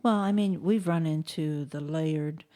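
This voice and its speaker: Mellow-voiced podcast co-host asking questions. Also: mid-range voice, unhurried. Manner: thoughtful, asks questions. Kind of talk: casual podcast chat.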